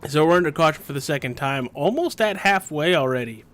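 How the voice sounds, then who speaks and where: Bantering male race commentator, higher voice. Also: lively intonation, brisk, a bit bright. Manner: play-by-play calls mixed with banter. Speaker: sim racing commentator.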